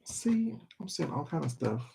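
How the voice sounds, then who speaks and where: A man's voice: on the high side, very animated, moderate pace, creaky, mellow, a little hiss or hum, poor audio. A man chatting casually with his viewers on a stream, rambling, laughing and swearing freely. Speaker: livestreamer.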